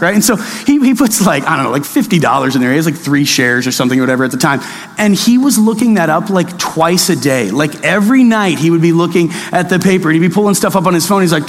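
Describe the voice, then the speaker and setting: A man preaching a casual sermon, telling stories with mock-excited asides. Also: high-pitched, quick pace, long reverb tail. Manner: conversational, animated storytelling with mock-excited asides. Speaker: pastor.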